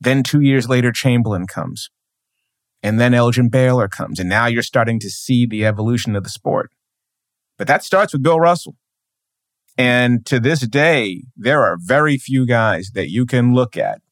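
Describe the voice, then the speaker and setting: A man talking as a guest on a podcast, emphatic and driving, stacking up his points one after another. His voice sits at a middle pitch. The studio sound is dry and close. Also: lively intonation, moderate pace, no echo. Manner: emphatic, building points with repeated phrases. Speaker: sports journalist guest. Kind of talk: podcast interview.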